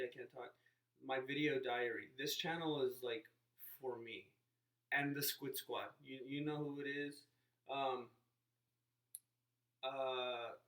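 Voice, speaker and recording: Sitting in a parked car, a vlogger talks to camera in a medium-pitched, slightly bright voice, picked up by a distant mic with a roomy sound. His casual vlog rambles, he often breaks off mid-sentence, and he playfully acts out what other people say.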